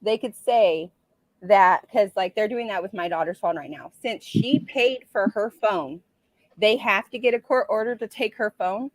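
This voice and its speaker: A woman's voice: mid-range voice, normal speed, no echo, poor audio. A woman guest chiming in conversationally. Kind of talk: casual chat.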